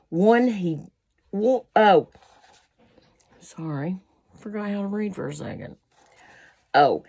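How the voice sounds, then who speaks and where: A woman's voice: deep voice, mellow, breathy edge. A woman reading a children's picture book aloud, breaking off for folksy asides to her listeners. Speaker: storybook reader.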